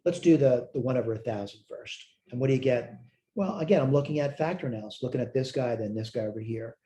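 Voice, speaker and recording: A man's voice: medium pitch, fast talker, mellow, slight background noise. A tired man teaching a recorded math lecture, thinking aloud as he works problems, correcting himself and answering his own questions. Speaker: math instructor.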